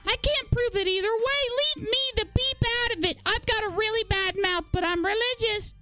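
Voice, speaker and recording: A man reading out a flustered, self-righteous woman commenter in a mocking falsetto, whiny and indignant. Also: normal speed, over loud music. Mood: defensive.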